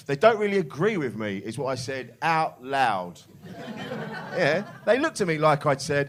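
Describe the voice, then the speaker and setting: A man's voice: a little high, very animated, normal speed, fairly bright tone, a little hiss or hum. A man doing a stand-up comedy set in a club, brash and swearing, mocking laddish banter. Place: comedy club with live audience. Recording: live club with crowd laughter.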